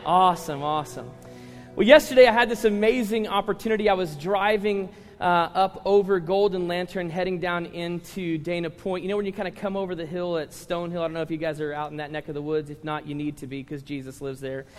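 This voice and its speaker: Animated pastor preaching in a reverberant hall. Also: male voice, high voice, brisk, soft background music. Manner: animated storytelling with humor, talking to the congregation. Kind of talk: sermon. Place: large church hall with congregation. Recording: live sermon in a reverberant hall.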